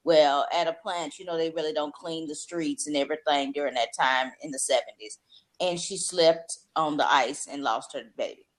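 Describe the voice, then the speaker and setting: A woman's voice: low voice, moderate pace. A woman talking casually as a guest on an interview show, telling stories in a chatty way and laughing often. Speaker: guest, social media expert.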